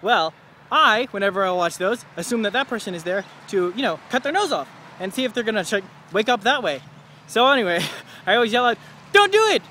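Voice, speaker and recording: A man in his twenties talks to camera in a rambling, self-mocking way and chuckles at his own jokes. His voice sits high and sounds bright and sharp. Faint city traffic hums behind him outdoors. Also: animated, fairly quick. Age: 20s. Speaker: vlogger. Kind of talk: rambling comedic video diary.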